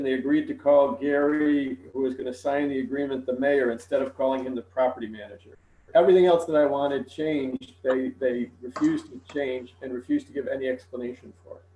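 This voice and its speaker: A man giving a frank, measured report to a village board over an online meeting. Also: mid-range voice, warm tone, reverberant, low-quality recording.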